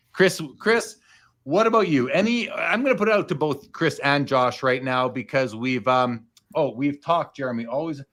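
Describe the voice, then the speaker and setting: A man's voice: medium pitch, fairly bright tone. A man hosting a casual podcast chat, talking loosely and restarting his sentences often. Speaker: podcast host.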